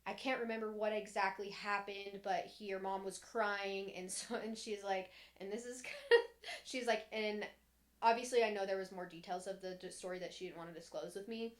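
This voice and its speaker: A woman's voice: mid-range voice, steady tone, normal speed. A young woman speaks in an everyday middle-range voice, telling a personal story on a podcast. Her delivery is candid and meandering, with frequent fillers and false starts. When she quotes someone, her voice sharpens. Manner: candid, rambling, frequent "like" and restarts. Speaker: podcast co-host.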